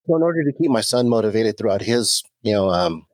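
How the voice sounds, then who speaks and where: Male podcast guest, lowish voice, candid, plainspoken, dry close sound. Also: animated, fast, a little mellow, no room sound. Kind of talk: casual podcast conversation.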